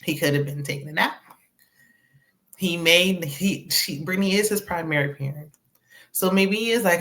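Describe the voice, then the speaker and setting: A woman's voice: on the low side, normal speed, pauses often, fairly bright tone. A young adult woman hosting a casual commentary show, opinionated and chatty, laughing often. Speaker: host.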